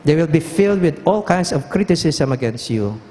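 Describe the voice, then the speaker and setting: A man's voice: on the high side, expressive, normal speed, mellow. A pastor preaching a sermon, asking the congregation pointed questions and driving home his points. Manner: questioning, emphatic, engages the congregation. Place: church hall. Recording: echoey church hall, faint noise.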